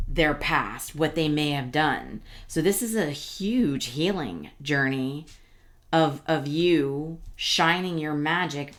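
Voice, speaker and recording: A middle-aged woman giving a casual tarot reading, rambling and reassuring with many fillers and restarts. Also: low voice. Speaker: tarot reader.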